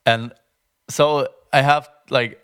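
Smooth-voiced young man chatting on a podcast. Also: mid-range voice, fairly even intonation, a bit bright. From Germany. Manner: chatty, fast-talking, many fillers and restarts. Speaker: podcast co-host. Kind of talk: casual podcast chat.

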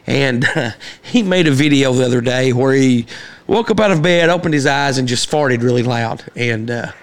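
A man hosting a casual podcast, chatting loosely and reading shout-outs with frequent fillers and restarts. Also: mid-range voice, moderate pace. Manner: rambling with many fillers and restarts. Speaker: podcast host.

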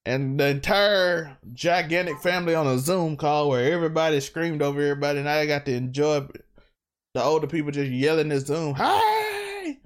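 A man hosting a podcast in casual chat, joking with quick asides. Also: on the high side, fairly even intonation, clear, resonant tone. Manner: joking, acts out relatives' voices, quick asides. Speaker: podcast host.

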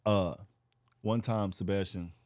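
A man, a comedian guest on a casual podcast, teasing the host and telling stories with animated delivery, acting out the other people in them. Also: sits low, slow pace, no echo, studio quality. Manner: animated storyteller who teases and acts out quoted voices.

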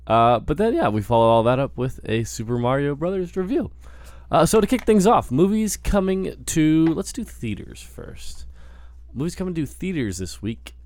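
A man's voice: fairly high pitch, very animated, normal speed, hardly any pauses, a little mellow, no room sound. A man hosting a casual movie podcast, rambling and breaking off mid-sentence as he laughs with friends. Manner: rambling, self-interrupting, laughing. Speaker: podcast host.

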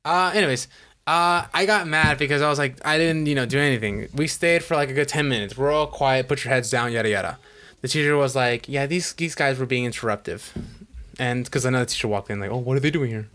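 A young man telling stories in casual chat, animated and swearing a lot, acting out what people said. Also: mid-range voice, brisk, clear, resonant tone. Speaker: podcast co-host.

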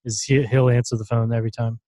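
A man co-hosting a casual podcast, easygoing and quick to react. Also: medium pitch, level tone, dark tone, no echo. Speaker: co-host, disc golf shop owner.

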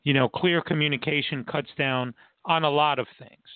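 A man's voice: a little high, fairly even intonation, no echo. Man talking over a tinny phone line. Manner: halting, many "you know" fillers. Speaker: talk show host. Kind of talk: casual interview chat.

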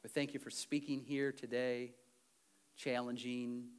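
A male pastor preaching an animated sermon, swinging between loud urging and hushed earnestness, with self-deprecating humor. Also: medium pitch, a little slow, clean tone.

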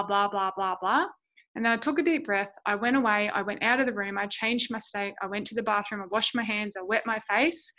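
A middle-aged woman hosts her own podcast, speaking candidly in a chatty, self-deprecating monologue. Her voice sits a little high. She sounds like she is talking through her own business worries. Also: fairly bright tone. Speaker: podcast host. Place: home.

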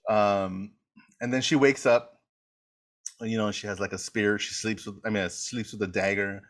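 A man with a somewhat low voice chats through a movie recap on a podcast. He rambles along and laughs often as he goes. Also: steady tone, moderate pace. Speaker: podcast co-host. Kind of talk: casual rewatch chat.

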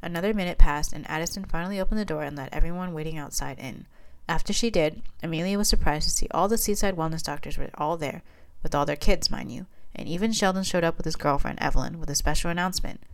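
A woman reading her own fan fiction aloud in a plain, even way. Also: sits low, quick pace, hardly any pauses. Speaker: reader and writer of fan fiction.

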